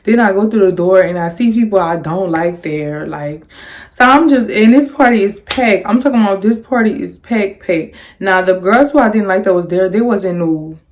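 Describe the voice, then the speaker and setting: A young woman telling a storytime in casual chat, rambling with lots of restarts and fillers, and jumping high in pitch when she quotes herself. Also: normal speed. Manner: animated, jumps high on quoted lines. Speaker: storyteller vlogger.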